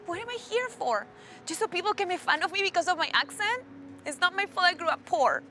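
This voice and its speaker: A woman's voice: very high voice, animated, fairly quick, sharp tone, soft background music, exaggerated voice. An actress with a foreign accent playing an upset, discouraged mother in a scripted drama. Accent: non-native English.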